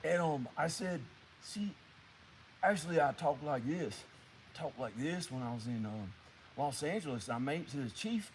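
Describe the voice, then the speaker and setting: A man playing a halting older drifter. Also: mid-range voice, animated, slight background noise, close to an everyday voice, low-quality recording. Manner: halting, full of ums and trailing pauses. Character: older drifter telling his rambling life story. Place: woods outdoors.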